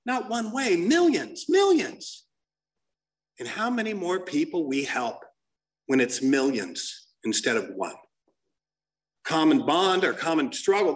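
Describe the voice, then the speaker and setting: A man telling blunt, profane stories as he shares with a recovery group. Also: fairly high pitch. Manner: profane, blunt, animated storyteller. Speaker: speaker sharing at a recovery meeting.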